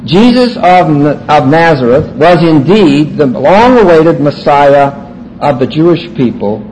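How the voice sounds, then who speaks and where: Man, Bible class lecture, emphatic, high voice, faint background hiss. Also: darkish tone, low-quality recording. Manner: emphatic, stresses words, refers students to notes. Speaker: Bible teacher.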